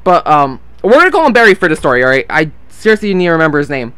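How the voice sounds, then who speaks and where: A man's voice: a little high, big pitch swings, very fast, bright, forceful tone, clean tone, dry recording. A nineteen-year-old man telling a long story in a casual, rambling way while playing a game, swearing freely and losing track of names. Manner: rambling, swears freely, loses his train of thought. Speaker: gameplay vlogger. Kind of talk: casual storytelling over gameplay.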